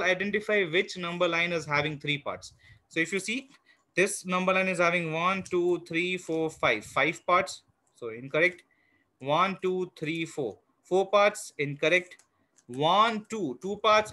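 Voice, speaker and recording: A man teaching a live online math class to young children, encouraging and patient, counting parts aloud and filling pauses with "you know", speaking into a computer mic on a video call. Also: high-pitched, bright, forceful tone.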